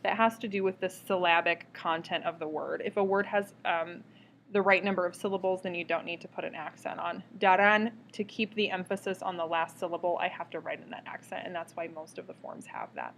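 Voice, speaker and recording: A woman teaching a recorded grammar lesson, explaining step by step in a clear, patient way. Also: lowish voice, steady tone, fairly quick, a bit bright, a little hiss or hum. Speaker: Spanish teacher.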